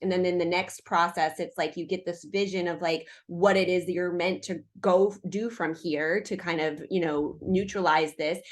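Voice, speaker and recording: Woman in animated spiritual chat. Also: on the low side, normal speed, few pauses. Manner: animated storytelling with lively acted-out quotes. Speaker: podcast co-host.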